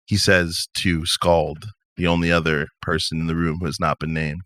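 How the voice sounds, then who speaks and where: A man's voice: deep voice, little pitch movement, normal speed, few pauses, a bit bright, no echo. A man narrating a tabletop role-playing game as game master, in a casual, conversational way.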